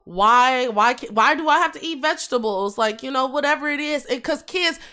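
A woman's voice: high voice, a little fast, clean tone. A young woman chatting casually on a podcast, telling stories with lots of laughter. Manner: laughs a lot, animated storytelling. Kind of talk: casual chat.

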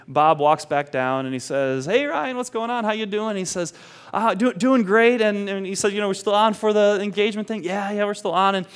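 A man telling a story in a relaxed, chatty way, often restarting his sentences and playing out each person's lines as he goes. His voice sits a little high and is smooth and clear. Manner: animated, many restarts, acts out the quoted dialogue. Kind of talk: casual anecdote retelling.

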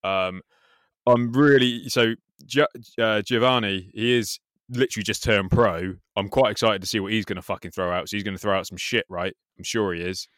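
Man, casual sweary skate video co-host, excitable, dry close sound. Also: lowish voice, moderate pace, no echo. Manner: excitable, swears freely, says "mate" often. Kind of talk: casual reaction commentary.

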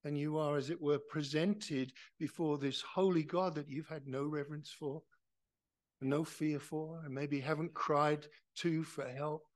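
A man preaching a sermon in church. He is impassioned, asks rhetorical questions and builds to loud, emphatic peaks. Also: a little high, steady tone, a little slow. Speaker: pastor.

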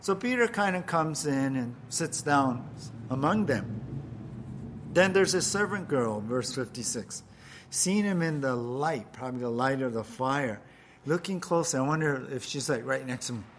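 A man preaching a sermon, retelling a scripture story in a slow, halting way and voicing the people in it. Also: mid-range voice, animated, slight background noise. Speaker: pastor.

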